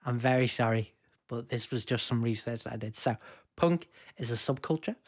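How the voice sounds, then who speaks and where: A young man co-hosting a podcast over a video call, full of jokey enthusiasm. He rambles happily from one aside to the next on a home mic, his voice sitting at an ordinary pitch. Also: normal speed. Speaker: podcast co-host. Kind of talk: casual chat.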